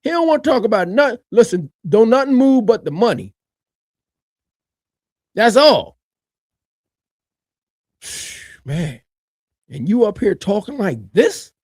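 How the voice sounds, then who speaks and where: A man giving animated reaction commentary on a video, colloquial, swinging from low mutters to loud high shouts. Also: no room sound.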